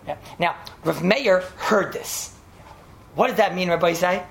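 This Torah teacher has a gravelly, high voice and keeps a measured pace. Teaching a Talmud class, he recounts the story animatedly, says things more than once, and sprinkles in Hebrew and Yiddish words.

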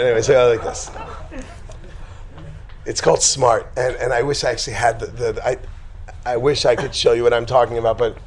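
A man's voice: medium pitch, slight background noise. Joking, rambling male teacher. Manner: joking, digressive, quick to laugh. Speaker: teacher leading a class. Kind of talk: informal religious talk to a group.

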